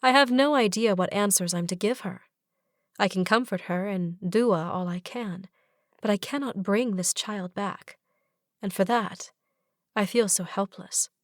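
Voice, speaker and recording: A woman narrating a first-person fantasy romance audiobook in a soft, even storytelling manner. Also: medium pitch, measured pace, no echo, studio quality.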